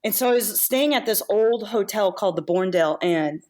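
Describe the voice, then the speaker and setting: A woman being interviewed on a podcast about her makeup effects career, telling animated anecdotes with laughs and restarts. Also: medium pitch, a little fast. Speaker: guest makeup effects artist. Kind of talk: casual storytelling interview.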